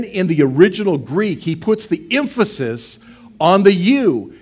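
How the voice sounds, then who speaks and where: Middle-aged man preaching, lively and chatty, slightly higher voice. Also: unhurried, husky. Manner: animated, conversational preaching, acts out quotes. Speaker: pastor. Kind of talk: sermon.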